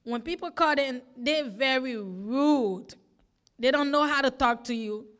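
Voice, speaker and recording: A woman's voice: high-pitched, unhurried, a bit bright. Earnest woman giving pleading testimony. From United States. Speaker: public hearing witness; single mother. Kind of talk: public comment testimony.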